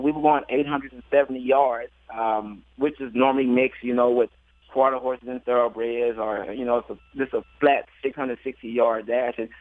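A man's voice: mid-range voice, dry recording. A man tells racing stories over a tinny, phone-like line, with a dry, close sound. He laughs often and jumps into playful voices for the people he quotes. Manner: laughing, animated storyteller acting out quotes. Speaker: jockey guest. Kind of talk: storytelling interview.

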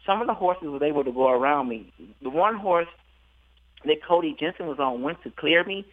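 A man's voice: fairly high pitch, normal speed, no echo. Laughing man on a tinny phone line. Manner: laughing, animated storyteller acting out quotes. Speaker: jockey guest. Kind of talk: storytelling interview.

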